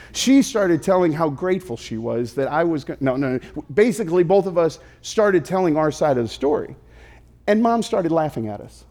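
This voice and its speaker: A pastor in his thirties preaching a sermon, telling stories playfully and slipping into quick put-on voices. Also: sits high, darkish tone.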